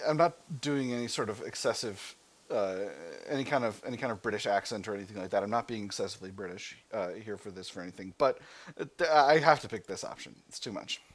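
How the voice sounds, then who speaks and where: American man reading game text aloud. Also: on the low side. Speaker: gaming channel host.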